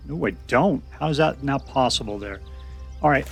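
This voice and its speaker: A man's voice: medium pitch, normal speed, vocal fry, faint music behind. A man giving casual, joking commentary to himself as he plays a card game. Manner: chatty, joking, talks to himself while playing. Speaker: gameplay commentator.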